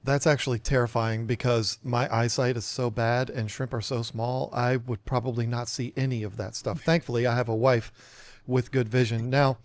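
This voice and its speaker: A man co-hosting a podcast, telling a self-deprecating story in a casual, animated way and acting out the dialogue. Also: mid-range voice, moderate pace, no echo. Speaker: podcast co-host.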